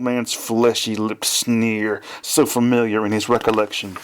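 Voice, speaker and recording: A man, the author, reading his novel aloud in a plain, measured way. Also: lowish voice, flat delivery, smooth.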